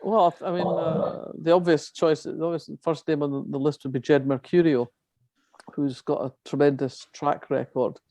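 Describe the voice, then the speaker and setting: A woman's voice: low-pitched, steady tone, moderate pace, mellow, dry recording. An older woman from Scotland, a crime novelist, talking in a chatty way with many restarts at an online festival. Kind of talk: festival talk on a video call.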